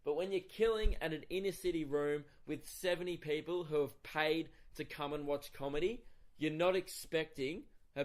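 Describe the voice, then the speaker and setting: A young Australian man, a comedian hosting his own podcast, telling a story in an animated, swearing rant that acts out both sides. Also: fairly high pitch, moderate pace. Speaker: stand-up comedian and podcast host. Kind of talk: casual solo podcast storytelling.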